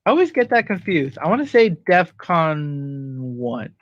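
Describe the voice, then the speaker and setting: A man's voice: fairly high pitch, big pitch swings, a little slow, no echo, muffled recording. A man co-hosting a radio morning show, giving brief casual replies. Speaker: radio show co-host and producer.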